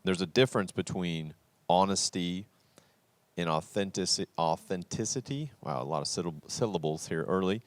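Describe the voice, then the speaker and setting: A man's voice: low-pitched, normal speed, no room sound. A man co-hosting an unscripted faith podcast, talking earnestly and acting out bits of quoted dialogue. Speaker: podcast host.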